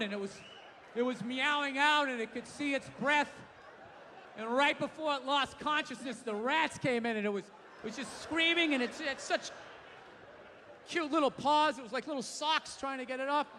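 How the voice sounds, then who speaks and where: High, punchy guy ranting and cursing onstage, echoey club with crowd noise. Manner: profane, ranting, loud. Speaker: stand-up comedian. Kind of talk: stand-up comedy. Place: comedy club stage. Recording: live venue with reverb and audience.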